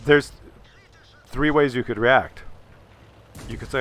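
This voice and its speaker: A man's voice: mid-range voice, takes it slowly, pauses often, fairly bright tone. A middle-aged man hosting his own channel, giving sly, stammering advice to viewers and swearing freely. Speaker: channel host. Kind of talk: conspiratorial casual advice to viewers.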